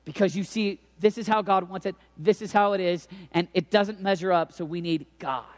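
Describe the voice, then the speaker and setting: A man in his thirties preaching a sermon, swinging between hushed near-whispers and loud shouted cries. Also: sits high, moderate pace. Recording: long hall reverb.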